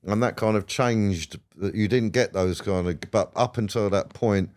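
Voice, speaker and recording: Deep-voiced man telling stories. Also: normal speed, darkish tone. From England. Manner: rambling, swears freely, laughs while telling stories. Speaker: guest. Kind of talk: casual storytelling interview.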